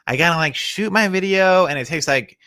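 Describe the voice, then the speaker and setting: A man's voice: high-pitched, bright, forceful tone, clean tone. A man putting on a whiny young creator. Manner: whining, drawn-out complaining. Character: whiny, self-pitying young video creator.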